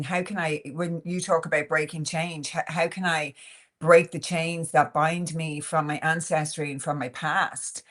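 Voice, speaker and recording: A woman's voice: sits low, fairly bright tone. A woman with an Irish accent, a podcast guest who talks frankly and animatedly in a casual interview, full of "like" and "you know" fillers. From Ireland. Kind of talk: candid conversational interview.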